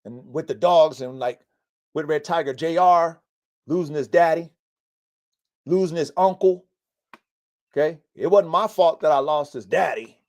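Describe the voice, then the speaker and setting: A man's voice: on the high side, a little slow, long pauses, darkish tone. A man hosting a casual live-stream podcast about his dogs, talking bluntly and preachily, swearing often and repeating himself for emphasis. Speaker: podcast host and dog breeder. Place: home in the mountains.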